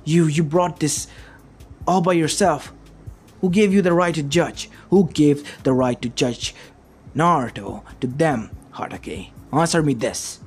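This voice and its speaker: A man's voice: fairly high pitch, a little mellow, lightly acted. A man voicing an arrogant, cruel male demon lord who speaks with cold contempt, over faint background music.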